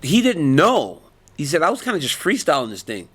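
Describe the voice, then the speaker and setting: Laughing, animated man in an interview. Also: on the high side, fairly quick, breathy edge. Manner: animated storytelling, laughs often. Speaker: interviewee, MMA fighter and analyst. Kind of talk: casual media interview.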